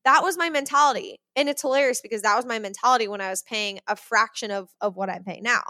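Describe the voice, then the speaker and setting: A young adult woman hosting a solo podcast, talking in a chatty, animated way and often checking in with "okay?" and "right?". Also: fairly high pitch, quick pace, dry recording, studio quality. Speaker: podcast host. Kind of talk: solo podcast monologue on money mindset.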